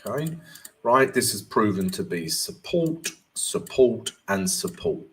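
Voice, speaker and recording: His voice sits on the low side, sing-song and a bit bright, with a slightly slow delivery. This forex coach chats casually on his live stream, offering cheerful hellos and reading out viewer comments as he talks through the charts to answer them.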